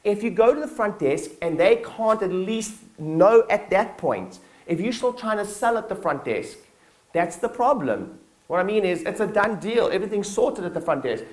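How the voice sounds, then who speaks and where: A man giving a live keynote talk to his staff at a company conference, energetic and blunt, swearing casually and acting out little scenes. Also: sits high, normal speed. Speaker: business owner addressing his staff.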